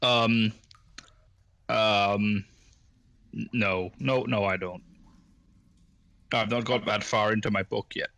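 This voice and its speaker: A man's voice: on the low side, steady tone, slow pace, gravelly, pauses often, a bit bright, heavily acted. A man voicing a timid, bookish companion who stammers and hesitates over a voice call. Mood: flustered.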